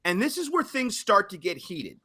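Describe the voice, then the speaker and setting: A man hosting a podcast, recapping events and asking measured, probing questions. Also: high voice, huge pitch swings, bright, forceful tone, husky. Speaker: podcast host. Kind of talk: interview questions.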